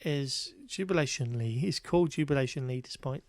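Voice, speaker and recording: In casual podcast chat about a film, a co-host gives a wry, exasperated recap packed with fillers. His mid-range voice moves fairly quickly, and the recording is dry.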